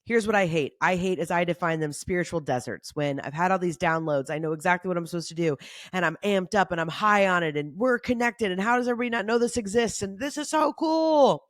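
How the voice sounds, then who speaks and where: Animated woman giving a pep talk. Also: fairly low pitch, fast talker, no echo, clean studio sound. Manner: acts out her own inner questions in a side voice; casual, swears lightly. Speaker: intuitive reader. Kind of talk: channeled energy reading, direct address.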